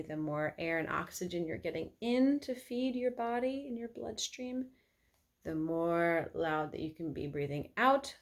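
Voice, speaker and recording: A woman leading a guided meditation at home, talking in calm, gentle, unhurried instructions. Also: lowish voice. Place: indoors at home by an electric fireplace.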